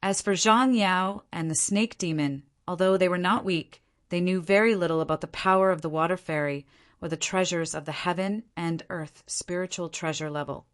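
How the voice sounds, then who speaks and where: A woman reads scripted narration for a fantasy audiobook in a steady, even voice. She speaks at a normal speed, her pitch on the low side.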